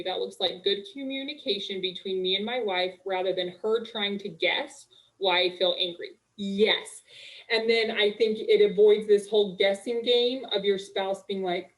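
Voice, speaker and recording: A young woman working as a marriage coach, talking casually and warmly on a live webinar, full of "like" and "okay", speaking through a video call mic. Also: mid-range voice, moderate pace, poor audio. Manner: chatty, upbeat, full of "like" and "okay".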